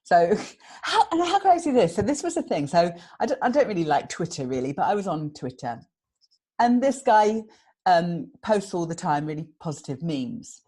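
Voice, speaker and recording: A guest author from England tells stories in a casual interview, her British English voice fairly low and husky at a moderate pace. She's animated, laughs often, and acts out what people said.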